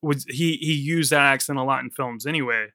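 A man's voice: medium pitch, brisk, pushed and bright, no room sound, studio quality. A man co-hosting a film podcast, telling behind-the-scenes trivia in casual, swearing chat. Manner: swearing, laughs often, tells production trivia. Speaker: podcast co-host.

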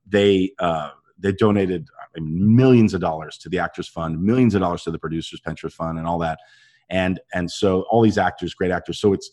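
Man, deep voice, middle-aged, actor guest, animated anecdotes, casual interview. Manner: animated storytelling, acts out quotes.

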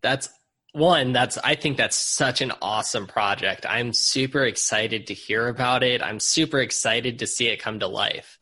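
A man hosting an interview, his voice husky and a little breathy. He answers with eager emphasis and circles back on his points, checking in with the listener as he goes. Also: mid-range voice, normal speed, pushed and bright. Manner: enthusiastic, emphatic, repeats "right?" and doubles words. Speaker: podcast host. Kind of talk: interview chat.

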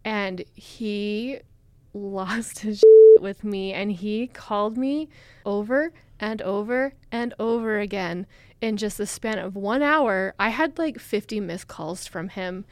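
A young woman recounts her story as a guest, chatty and full of "like" fillers. Her voice is smooth and clear, with a middle pitch. The sound is dry and close, with no room in it. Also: takes it slowly, darkish tone, no echo. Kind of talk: casual storytelling.

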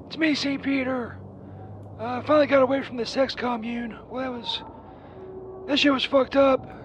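A man's voice: extremely high pitch, fairly even intonation, normal speed, a little hiss or hum. A man voicing a crude, hapless male saint who rambles and swears on a voicemail from a street phone booth. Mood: rambling. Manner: rambling, profane, easily enraged.

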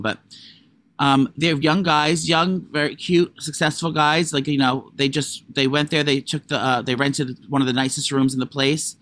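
Guy cohosting a gossip podcast, rambly, lots of likes and ums, gets loud and excited. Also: medium pitch. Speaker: podcast co-host. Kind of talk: casual gossip chat.

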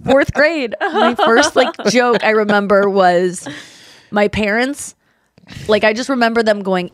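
A woman's voice: a little high, measured pace, no room sound. A woman in her thirties hosting a podcast, chatting casually and animatedly, acting out the people she quotes. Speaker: podcast host. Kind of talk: casual comedic chat.

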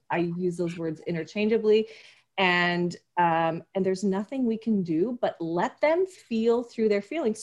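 A woman's voice: fairly low pitch, darkish tone. A woman speaking as a parenting guest in a casual interview, earnest and emphatic, often restarting her sentences.

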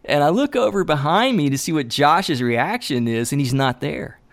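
A man's voice: a little high, moderate pace. A man, a landscape photographer, telling a story in a casual chat, loose and chatty with lots of fillers, acting out what people said. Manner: animated storyteller who acts out dialogue.

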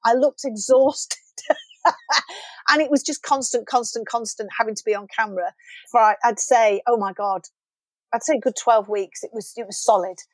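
A woman's voice: a little high, normal speed, dry recording. A middle-aged woman, a guest in an interview, telling stories animatedly and acting out the lines of people she quotes. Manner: animated storytelling, acts out quoted dialogue. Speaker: guest, former children's TV presenter. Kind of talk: reminiscing interview chat.

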